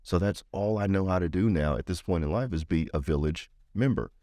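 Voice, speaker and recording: A man's voice: a little fast, no echo, clean studio sound. A middle-aged man telling a story in an interview, acting out the voices of the people in it. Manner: animated storyteller, acts out quoted voices higher. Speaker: veteran advocate guest.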